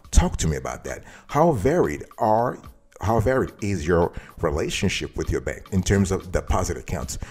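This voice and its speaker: Deep mellow guy coaching viewers on loans, calls them boss, pushy and lively. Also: husky. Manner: emphatic, addresses viewer directly as "boss". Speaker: host giving financial advice. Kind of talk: direct-to-camera tutorial.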